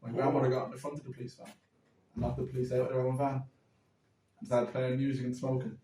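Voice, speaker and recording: A man's voice: medium pitch, completely flat delivery, warm tone. A young Irish man on a podcast, spinning a comic family anecdote with dramatic asides. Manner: rapid, dramatic storytelling with asides. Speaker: guest storyteller. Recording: roomy, distant phone recording.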